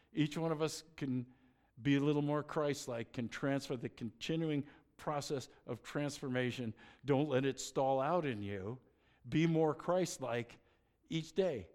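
A middle-aged man preaching a sermon as pastor, conversational and animated, acting out little stories with exclamations. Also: medium pitch.

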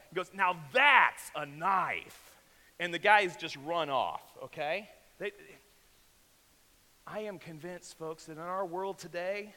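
Bright-voiced preacher in an echoing hall. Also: male voice, on the high side. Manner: conversational preaching, slows for emphasis, asks the congregation questions. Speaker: pastor. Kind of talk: sermon. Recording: echo from a large hall.

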